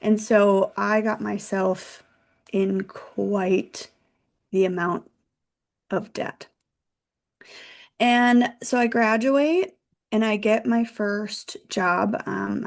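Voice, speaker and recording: In a casual interview, a guest who is a financial consultant in her thirties gives an open, energetic account of something from her own life. She speaks slowly, with a medium pitch and a gravelly texture.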